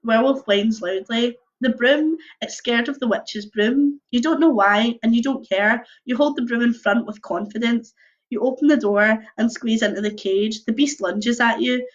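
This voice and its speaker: A young woman reading a choose-your-own-adventure book aloud on a livestream, mixing lively narration with casual chatty asides. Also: fairly high pitch, moderate pace. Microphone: computer or phone mic on a video stream. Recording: dull lo-fi livestream audio.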